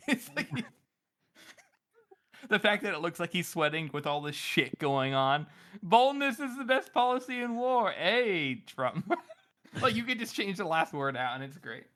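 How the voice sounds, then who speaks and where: A man's voice: on the high side, very animated, slow pace, pauses often, sharp tone. A man co-hosting a book podcast in loose, casual chat, laughing often and swearing freely. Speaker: podcast co-host.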